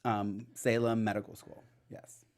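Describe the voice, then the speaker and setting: A man's voice: on the low side, level tone, unhurried. A man co-hosting a soap opera recap podcast in casual chat, with sassy, dismissive asides. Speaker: podcast co-host.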